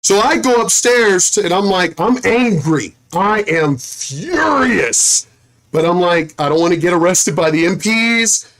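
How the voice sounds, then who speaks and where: A veteran's casual storytelling rant, blunt and full of swearing, with the pitch sitting in a middle range. The speaker retells conversations line by line and trips over and repeats words when heated. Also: expressive, unhurried, crowd noise. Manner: restarts and repeats phrases when worked up. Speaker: military veteran telling a personal story.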